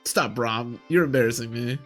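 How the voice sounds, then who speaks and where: A man's voice: medium pitch, moderate pace, fairly bright tone, faint music behind, natural voice. A man voicing a shy young country girl soldier in a put-on rural American twang, bashful and giggly. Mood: embarrassed.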